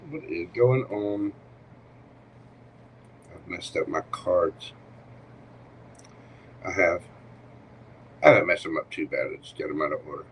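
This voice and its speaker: Man, slow easygoing talk, tarot reader chatting live, talks to himself, faint background hum. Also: sits low, rough recording. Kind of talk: casual live-stream tarot reading.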